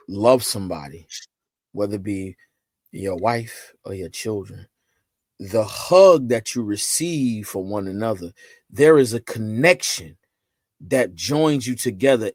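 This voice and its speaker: A man as a podcast guest, talking about fatherhood in a loose, animated, emphatic way, full of repeats and "you know what I'm saying.". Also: medium pitch, no room sound. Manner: animated, emphatic storytelling with lots of repetition. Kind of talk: casual conversational interview.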